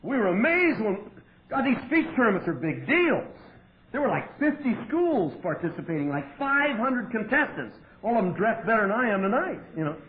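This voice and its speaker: A man telling his story at a recovery meeting, wry and profane, with sudden loud outbursts. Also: high voice, very animated, moderate pace. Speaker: AA meeting speaker. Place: meeting hall with audience. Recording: tinny lo-fi 1988 tape with faint hiss.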